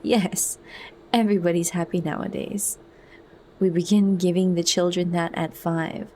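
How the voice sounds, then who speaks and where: A woman voicing a brooding, bitter young man in a soft, meditative manner, as whispered role-play. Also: on the low side, steady tone, unhurried, slight background noise, natural voice.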